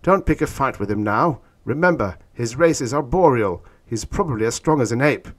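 A man's voice: mid-range voice, expressive, normal speed, voice pushed up, close to an everyday voice. A man reading an audiobook, voicing a tense human male commander who hisses urgent orders over a radio link.

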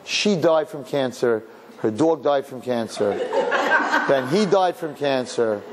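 A male rabbi giving a lively, humorous sermon full of rhetorical questions and Hebrew and Yiddish terms. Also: mid-range voice, takes it slowly, very noisy.

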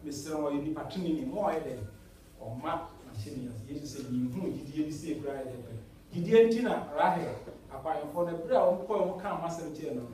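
A Ghanaian elder preaches with a high-pitched voice that leaps from sudden loud cries down to low murmurs. He mixes English and Twi. The sound is a distant, roomy church recording with heavy echo. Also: animated, normal speed. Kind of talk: sermon. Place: church sanctuary. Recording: echoey hall, voice from far off.

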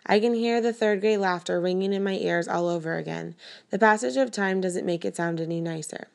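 A woman narrating a novel aloud in the first person, with steady, inward storytelling. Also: fairly low pitch, a little fast, vocal fry. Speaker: audiobook narrator.

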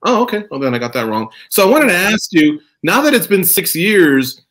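Upbeat male radio host, higher voice. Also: big pitch swings, moderate pace, fairly bright tone. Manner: upbeat, playful, stumbles over questions. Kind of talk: casual interview.

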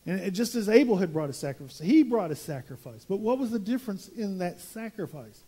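A man's voice: high voice, very animated, fairly quick, dark tone, slightly rough. A man preaching a verse-by-verse sermon as pastor, emphatic and prone to repeating words as he builds his point.

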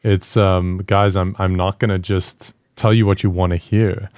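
A male podcast host with a lowish voice, asking questions in a thoughtful, halting way. His recording is dry and close, with no room echo. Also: level tone, darkish tone. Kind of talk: podcast interview.

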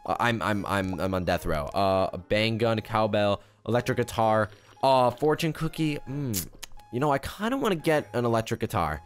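A man's voice: on the low side, lively intonation, normal speed. A young man joking and rambling through casual gameplay commentary, with frequent restarts. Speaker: gaming YouTuber.

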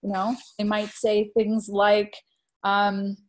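A woman presenting on education in a webinar, answering questions earnestly and reflectively, warming into animated storytelling. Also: medium pitch, takes it slowly. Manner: earnest, reflective, often hedging with "I think"; grows animated when retelling classroom stories. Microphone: video call.

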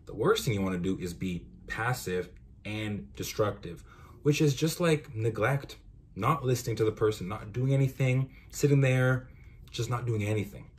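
A young man hosting a podcast, talking through course ideas in a relaxed, conversational way with frequent asides. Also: lowish voice, moderate pace. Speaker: podcast host. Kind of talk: casual explainer monologue.

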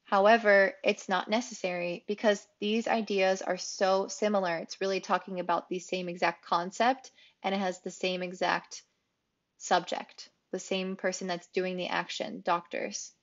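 A woman English teacher explaining grammar rules in a clear, explanatory way, repeating key phrases for emphasis. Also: medium pitch, level tone, moderate pace, dull audio. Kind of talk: grammar lesson.

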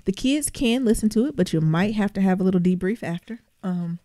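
Quick-talking woman podcast co-host. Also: mid-range voice. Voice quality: piercing voice. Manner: quick, animated, laughs often. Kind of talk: casual chat and reading folklore aloud.

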